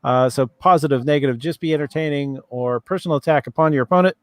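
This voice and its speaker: A man moderating a live comedy debate stream, pausing often with filler sounds. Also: fairly high pitch, no room sound. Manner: hesitant, many filler sounds.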